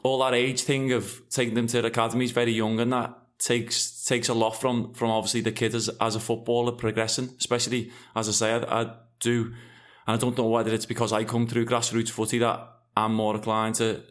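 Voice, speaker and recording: A man's voice: medium pitch, completely flat delivery, brisk. A middle-aged former footballer and father talking frankly in a rambling, casual conversation, often restarting his sentences. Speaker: former pro footballer guest.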